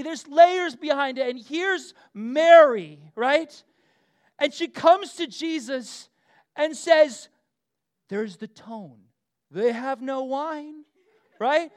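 A middle-aged man preaching a casual, animated sermon, full of asides, fillers and quick questions to the room. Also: extremely high pitch. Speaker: pastor.

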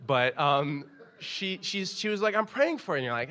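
A young man preaching a sermon, reading scripture and telling a personal story, acting out quoted lines in a raised, animated voice. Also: fairly high pitch, a little fast. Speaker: pastor.

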